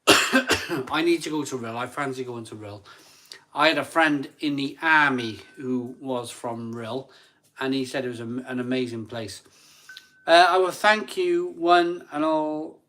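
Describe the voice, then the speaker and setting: A man hosting a casual live stream from home, chatting excitably and counting likes aloud. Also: medium pitch, unhurried.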